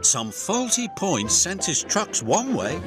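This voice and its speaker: A man's voice: high voice, takes it slowly. A man narrating a children's storybook expressively, with music behind him. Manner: expressive, animated. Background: background music.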